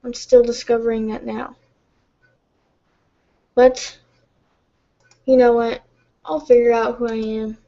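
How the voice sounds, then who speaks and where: A tired woman speaking softly and haltingly in a late-night confessional live stream from home, stumbling and restarting as she gets emotional. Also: fairly high pitch, little pitch movement, dull audio. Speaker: vlogger.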